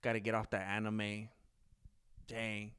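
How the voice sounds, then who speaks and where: A man's voice: lowish voice, completely flat delivery, unhurried, a bit bright, smooth. A man hosting a livestream, rambling casually and talking straight to his viewers. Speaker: livestream host reading chat.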